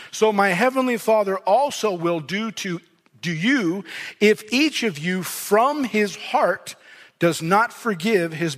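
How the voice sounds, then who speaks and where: A male pastor with a fairly high voice delivers a sermon in a conversational, explaining manner. He reads scripture aloud and then comments on it. His voice carries a long reverb from the church hall. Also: a bit bright.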